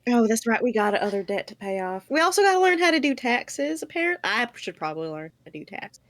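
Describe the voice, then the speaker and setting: A woman's voice: a little high, sing-song, fast, no echo, clean studio sound. A woman playing a tabletop game, speaking in a practical, matter-of-fact way. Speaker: player. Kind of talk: casual tabletop game talk.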